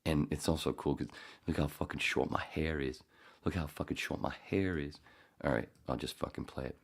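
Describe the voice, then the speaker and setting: A man's voice: rumbling low, steady tone, moderate pace, husky. A man in his fifties hosting a podcast alone, rambling and cursing as he laughs at his own mistakes. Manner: rambling, profane, self-mocking. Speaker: podcast host. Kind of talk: casual solo podcast chat.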